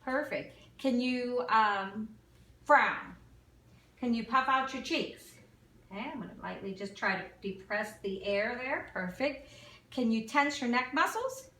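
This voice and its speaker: Woman giving calm clinical instructions, echoey room. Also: a little high, unhurried, distant mic. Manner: calm step-by-step instructions with fillers. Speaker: nursing student doing an exam demo.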